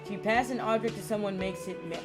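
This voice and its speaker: A woman's voice: mid-range voice, steady tone, quick pace, music in the background. A woman streamer chatting casually and profanely with her viewers while gaming, rambling and laughing.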